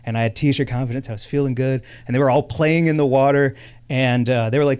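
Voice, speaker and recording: A man in his thirties from Chicago performing a stand-up comedy set on a comedy club stage, animated and laughing through his lines. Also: medium pitch, a little fast, slight background noise.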